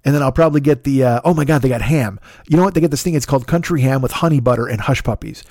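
A man hosting a podcast, telling a long, animated, profane story in a casual way and acting out the back-and-forth dialogue. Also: mid-range voice, rapid-fire, no echo, studio quality. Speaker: podcast host.

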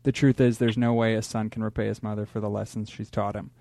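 A man's voice: on the low side, level tone, quick pace, vocal fry, dark tone, no room sound. A man who is a comedian, earnestly reading a heartfelt letter aloud.

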